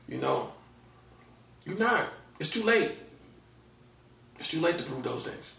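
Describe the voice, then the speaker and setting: A man's voice: on the high side, expressive, a little slow, vocal fry, long pauses, fairly bright tone. A man from North Carolina with a Southern accent, talking in a casual, laid-back, repetitive monologue with a warning tone. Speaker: online commentator. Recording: distant, echoey, dull lo-fi room sound.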